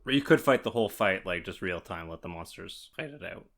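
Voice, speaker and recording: A man co-hosting a casual gaming podcast, explaining game mechanics in a relaxed, wry way. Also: deep voice, brisk, gravelly. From Canada. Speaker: podcast co-host. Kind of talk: casual chat.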